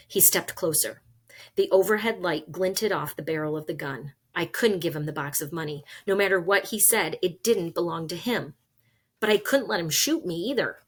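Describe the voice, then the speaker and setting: A woman reading a children's chapter book aloud, recapping gently before reading steadily and expressively. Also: sits low, normal speed, husky. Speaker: reader.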